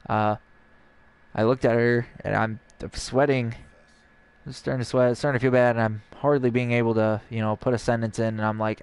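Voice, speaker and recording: Smooth-voiced young man rambling through a story. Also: mid-range voice, flat delivery, fairly quick. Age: young adult. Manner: rambling, acts out dialogue. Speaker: streamer. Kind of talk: casual storytelling.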